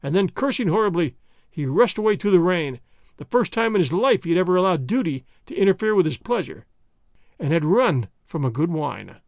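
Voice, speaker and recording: A man narrating a classic adventure story in a measured storytelling way. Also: high voice, sing-song, creaky, a little mellow, no echo, clean studio sound. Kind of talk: dramatic audiobook narration.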